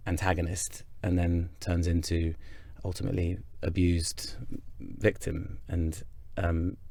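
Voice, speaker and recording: Deep-voiced north yorkshire guy, actor rambling thoughtfully, lots of restarts, dry studio mic. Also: level tone, slow pace, vocal fry, darkish tone, no echo. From England, North Yorkshire. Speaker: actor, interview guest. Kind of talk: casual interview chat.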